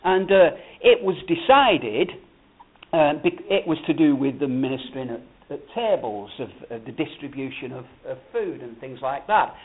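A man preaching a sermon as pastor, reading scripture and then explaining it, earnest and slowing down to stress key phrases. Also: medium pitch, expressive, breathy edge. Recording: tinny phone-like sound.

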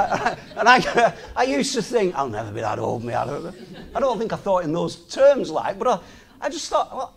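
A man, talking in an informal sermon, chatty, laughing often and asking the listener rhetorical questions. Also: sits high. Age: 60s.

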